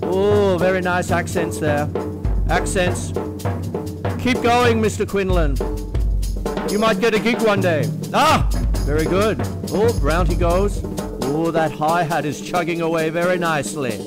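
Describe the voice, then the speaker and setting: A man's voice: high-pitched, a little slow, over loud music, voice pushed up. A man voicing a cheeky, crude male commentator, giving a mocking running commentary at a drum contest. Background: loud live drum kit.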